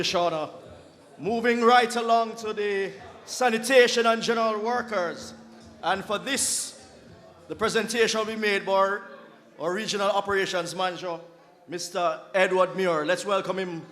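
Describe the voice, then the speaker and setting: A man's voice: high-pitched, normal speed, fairly bright tone. A man co-hosting an awards dinner, formally announcing the next presentations and projecting to the room. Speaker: awards ceremony co-host. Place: banquet hall at an awards dinner. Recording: long hall reverb.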